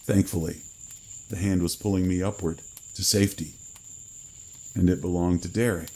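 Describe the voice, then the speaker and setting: A man reading a horror story in a measured, grave manner with dramatic pauses. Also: low voice, steady tone, mellow, poor audio. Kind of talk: scripted horror narration.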